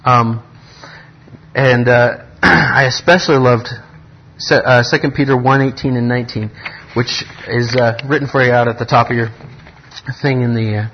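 A man leading a Bible study in an earnest, rambling way, often restarting his sentences and growing excited over the text. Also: mid-range voice, normal speed, muffled recording, slight background noise. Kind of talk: casual Bible teaching.

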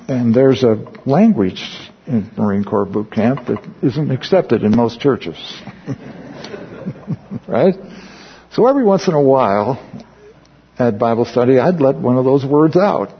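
A man leads a Bible study in an easygoing, talkative way, often turning to his listeners with quick questions. His voice is gravelly and a little husky. The recording sounds dull and lo-fi. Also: mid-range voice. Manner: conversational, with frequent questions to the audience; tells personal stories while explaining scripture. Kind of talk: informal Bible teaching.

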